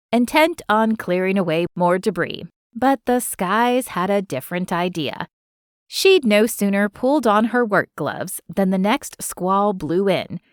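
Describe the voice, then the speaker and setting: Audiobook narrator, woman, even measured read, dry close mic. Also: mid-range voice, dry recording. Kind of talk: scripted narration.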